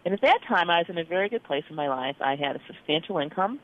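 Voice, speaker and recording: A doctor telling a story in an interview, acting out the dialogue with lively expression. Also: mid-range voice, fast. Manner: animated, acts out dialogue in quotes. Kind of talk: storytelling in conversation. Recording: phone-like narrow band.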